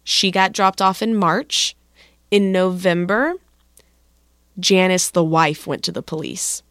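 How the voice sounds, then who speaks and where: Smooth low-voiced woman telling a story. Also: slow, a bit bright, no room sound, clean studio sound. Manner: wry, breezy retelling with sarcastic quoted voices. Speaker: podcast storyteller. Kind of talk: casual true-crime chat.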